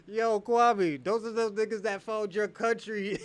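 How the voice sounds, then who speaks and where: Very high-voiced man taunting viewers. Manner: taunting, mocking, breaks into laughter. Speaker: livestream host. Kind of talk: heated live commentary addressing viewers.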